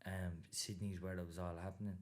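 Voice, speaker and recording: Speaking with an Irish accent, a man in his thirties guests on a casual interview, where he's a boxer swapping stories and swearing without restraint. His voice is low-pitched, his tone stays level, and his pace is fairly quick.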